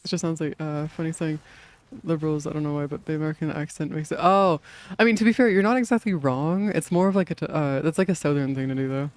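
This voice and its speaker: A man's voice: on the high side, quick pace. A young man streaming a game in casual chat, rambling with many fillers, swearing and laughing often.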